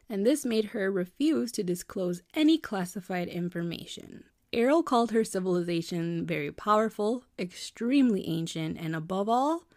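A woman hosting a casual storytelling podcast, reading an account aloud and breaking off into excited asides and repeated words. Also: mid-range voice, dry recording, clean studio sound. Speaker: podcast host.

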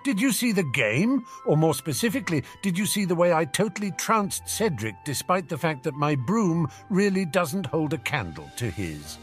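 Brief: man reading cocky teen boy wizard, bright, lively, sarcastic. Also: on the high side, soft background music, pitched above the performer's own voice. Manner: smug, quick-witted banter.

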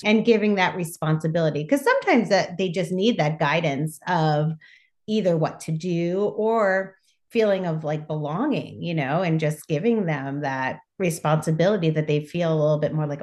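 A woman's voice: sits low, normal speed. A woman hosting a parenting podcast, chatting casually and eagerly backing up her guest. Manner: affirming, eager listener. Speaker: podcast host.

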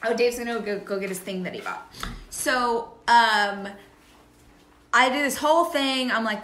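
A woman in her thirties co-hosting a casual chat, telling family stories with animated, playful teasing. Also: on the high side, measured pace, roomy sound, a little hiss or hum. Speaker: podcast co-host.

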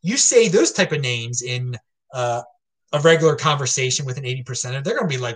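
Husky-voiced man ranting casually. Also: mid-range voice, expressive, a little fast, fairly bright tone. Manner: rambling, emphatic, full of repeats and "okay?". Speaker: crypto show host. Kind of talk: casual opinion rant.

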